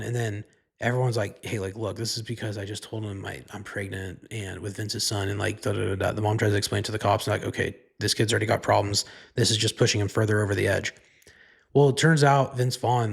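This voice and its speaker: Gravelly-voiced man rambling through a movie plot. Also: fairly low pitch. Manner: rambling, loose and profane, lots of "like". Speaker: podcast host. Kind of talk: casual movie recap.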